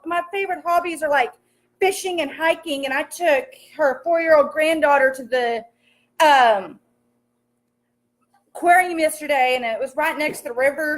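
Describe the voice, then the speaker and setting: A chatty young woman with a high voice, from the American countryside, hosts a livestream from her home kitchen, cooking while reading comments. She's upbeat, laughs often, and greets commenters warmly by name, all recorded on a phone camera.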